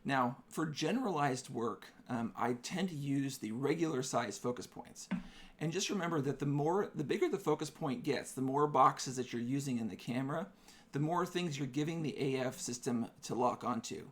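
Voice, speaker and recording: A man's voice: mid-range voice, moderate pace. A man hosting a live-stream photography tutorial, chatty, explaining camera settings step by step.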